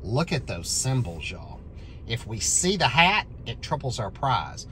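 A scratch-off lottery host, calling out numbers as they scratch and breaking into excited shouts at wins. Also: medium pitch, unhurried, a little hiss or hum.

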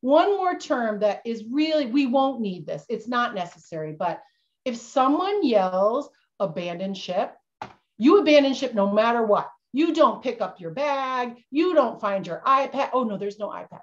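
A woman's voice: fairly high pitch, very animated, unhurried. A woman playing a bumbling, jittery male schooner captain who insists he isn't cursed, in a storytelling role-play for kids over a video call. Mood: instructive. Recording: dull lo-fi video-call audio.

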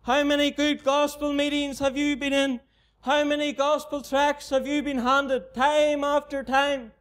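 High, flat-voiced Northern Irish preacher. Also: male voice, a little slow. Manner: repetitive, earnest appeals to the unbeliever. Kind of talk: gospel sermon. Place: mission tent.

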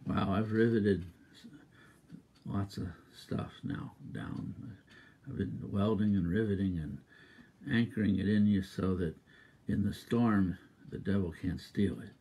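A man preaching a sermon as a minister, exuberant and emphatic, repeating exhortations and breaking into loud rhythmic laughter. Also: lowish voice, slow, long pauses, breathy edge.

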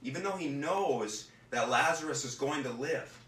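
Earnest pastor in an echoey room. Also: male voice, mid-range voice, lively intonation, a bit bright, recorded from a distance. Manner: earnest, halting with repeated words. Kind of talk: scripture reading and sermon. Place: home room. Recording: roomy echo, voice from off-mic, faint room noise.

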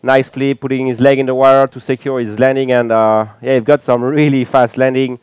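French-accented man commentating in a smooth voice. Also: medium pitch, fairly quick, no room sound. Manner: relaxed, chatty analysis with frequent fillers. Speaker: color commentator. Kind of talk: live sports commentary. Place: small air-conditioned booth at a beach event.

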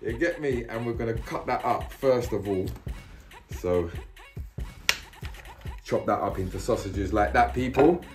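A man chatting casually to his viewers while cooking, slangy and laid-back with excitable bursts. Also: fairly low pitch, unhurried, pauses often, faint music behind. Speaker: cooking vlogger. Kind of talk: casual cooking vlog chat.

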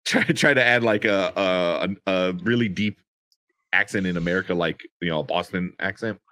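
A man's voice: deep voice, moderate pace, pushed and bright, dry recording. A man co-hosting a podcast review, rambling in casual chat with lots of fillers, swearing and laughter. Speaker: podcast co-host reviewing a movie.

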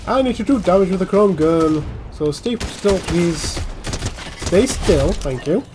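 Excitable high-voiced gamer. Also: male voice, unhurried, noisy background. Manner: excitable, jokey, swings between mutters and yells. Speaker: gaming channel host. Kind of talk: casual gameplay commentary.

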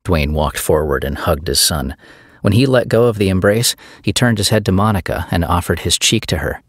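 Male audiobook narrator, very deep voice, dry close recording, measured read. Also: animated, no echo.

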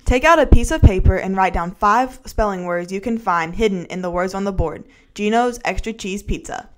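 A woman's voice: mid-range voice, normal speed, close to an everyday voice. A woman reading aloud and voicing a patient male third-grade teacher with a kindly, teacherly manner.

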